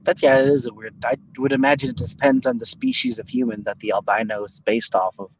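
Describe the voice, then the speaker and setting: A man's voice: medium pitch, sing-song, fast, gravelly, slight background noise. Blunt man on a dull lo-fi mic. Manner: blunt, crude, opinionated. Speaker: voice chat participant. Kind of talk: casual chat.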